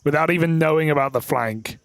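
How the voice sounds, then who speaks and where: A man calling live esports play-by-play, getting excited as the round heats up. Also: a little high, brisk, slight background noise, low-quality recording. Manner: excitable, rising with the action. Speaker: esports caster.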